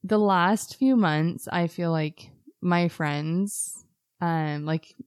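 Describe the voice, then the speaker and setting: Relaxed woman podcast co-host, filler-heavy. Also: lowish voice, drawn-out words, clear, resonant tone, no room sound, clean studio sound. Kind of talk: casual podcast chat.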